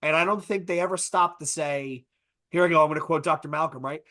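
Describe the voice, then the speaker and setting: A man's voice: on the high side, brisk, sharp tone. A man on a podcast panel, talking in a rambling way, correcting himself and tagging "right?" onto his points. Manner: rambling, self-correcting, keeps adding "right?". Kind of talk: casual panel discussion.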